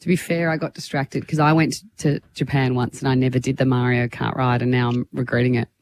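A woman co-hosting a radio game segment, chatty and animated. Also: a bass voice, brisk. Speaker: radio co-host. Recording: faint background noise.

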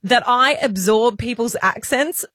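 A woman's voice: fairly high pitch, unhurried, fairly bright tone, no echo, clean studio sound. A woman co-hosting a podcast, chatty and self-deprecating, often laughing. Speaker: podcast co-host. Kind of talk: casual chat.

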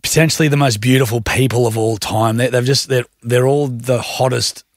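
A man's voice: medium pitch, steady tone, a little fast, dry recording, studio quality. A young man with an Australian accent, co-hosting a radio show and telling a rambling story in casual banter. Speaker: radio co-host.

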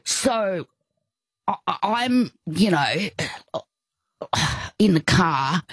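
Slow, husky older woman. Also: fairly low pitch, expressive, no room sound. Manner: halting, with many restarts and asides. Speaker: guest. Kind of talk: storytelling in conversation.

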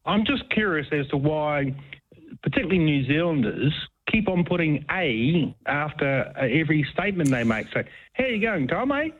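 Lively male caller on a phone line. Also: a little high, normal speed.

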